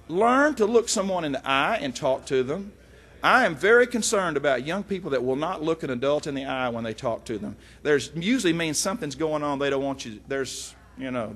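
A middle-aged man, teaching from the Bible in a folksy, animated way with frequent asides. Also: a little high, a little fast. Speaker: preacher.

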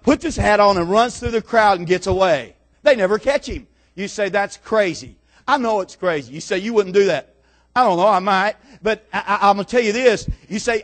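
A man preaching a sermon, moving from calm scripture reading to loud, dramatic storytelling with repeated phrases. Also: high voice, fairly quick. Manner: builds from calm to shouting storytelling; dramatic, repetitive preaching cadence.

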